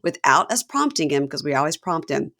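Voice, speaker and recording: A woman in her forties hosts a podcast in a chatty, easygoing way. Her voice sits a little low for a woman. She laughs often between stories. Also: sing-song, a little fast, sharp tone. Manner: chatty, laughing, tells family anecdotes. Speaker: podcast host. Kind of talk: casual podcast chat.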